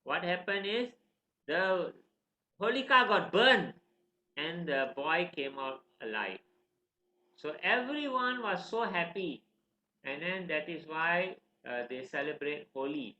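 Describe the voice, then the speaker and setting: A man teaching a scripture class, telling a story in an animated, conversational way and asking the listeners questions. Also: a little high, slow, slight background noise. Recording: roomy, slightly dull recording.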